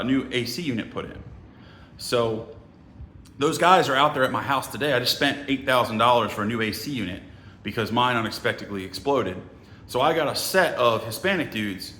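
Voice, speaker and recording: A middle-aged man telling a story in a bright, forceful voice. He is lively and profane and acts out the other people's lines. The room is echoey. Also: mid-range voice, slight background noise. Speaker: sales trainer telling a story. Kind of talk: casual storytelling.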